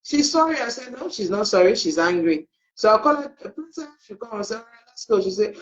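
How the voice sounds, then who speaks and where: A middle-aged parenting coach speaks at medium pitch and a fairly quick pace on a live online talk, recorded with dull lo-fi audio. She's an animated storyteller, acting out dialogue as she shares family stories.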